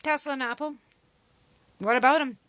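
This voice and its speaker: A woman's voice: high voice, moderate pace, fairly bright tone, slight background noise. Combative profane woman on a livestream. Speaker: livestream host. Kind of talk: livestream chat replying to comments.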